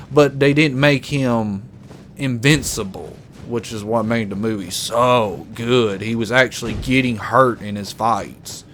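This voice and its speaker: A man's voice: medium pitch, fairly bright tone, a little hiss or hum. A man giving casual live commentary while playing a video game, rambling emotionally and repeating himself. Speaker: gameplay commentator.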